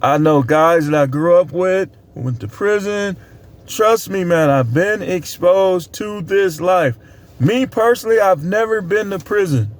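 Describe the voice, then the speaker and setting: This is a middle-aged man with a fairly high-pitched voice, talking straight to camera in a casual monologue. He is blunt and preachy, leaning hard on his words. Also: expressive, unhurried. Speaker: vlogger.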